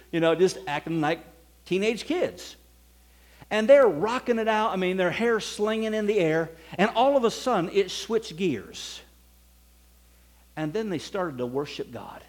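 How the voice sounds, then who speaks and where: A man preaching a sermon, telling his own testimony with swings from hushed to loud, exclaiming passages. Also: high-pitched.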